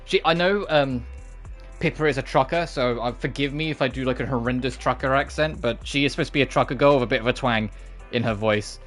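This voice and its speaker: A man streaming a game with casual commentary, swearing freely and reacting in quick asides. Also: mid-range voice, a bit bright, faint music behind.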